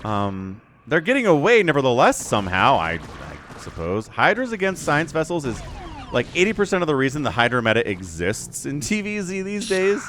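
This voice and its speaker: A man's voice: medium pitch, wildly swooping pitch, moderate pace, fairly bright tone, a little hiss or hum. A man casting a strategy video game alone, play-by-play commentary full of joking asides. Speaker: esports shoutcaster. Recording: faint background music.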